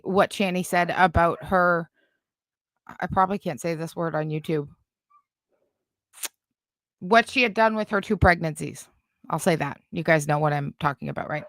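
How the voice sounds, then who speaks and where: A woman's voice: on the low side, fairly bright tone, no echo. A woman hosting a casual commentary stream, talking in a sarcastic, rambling way with lots of fillers. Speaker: commentary channel host.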